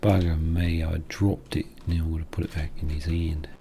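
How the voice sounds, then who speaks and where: A man's voice: extremely low pitch, little pitch movement, moderate pace, mellow, a little hiss or hum. A man streaming a game, chatting casually in a rambling, jokey way with muttered asides. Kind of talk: casual gameplay stream commentary.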